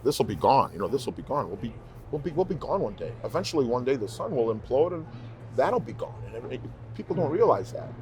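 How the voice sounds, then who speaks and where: A man's voice: mid-range voice, very animated, fast talker, a little mellow, a little hiss or hum. A man, a guest in an interview, telling heartfelt stories in casual conversation and repeating phrases for emphasis. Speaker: interview guest, professional singer.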